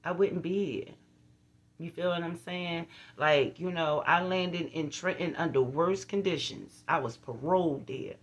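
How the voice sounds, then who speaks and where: Blunt woman vlogging. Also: sits low. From Philadelphia. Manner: earnest, blunt, preachy, with frequent "you feel what I'm saying" asides. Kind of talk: casual direct-to-camera vlog.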